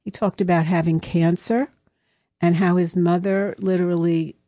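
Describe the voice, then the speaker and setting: Chatty woman radio host, mellow voice. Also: fairly low pitch, flat delivery, normal speed, no room sound. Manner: chatty, anecdotal, rambling with restarts. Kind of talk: storytelling on live radio. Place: radio studio. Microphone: studio microphone.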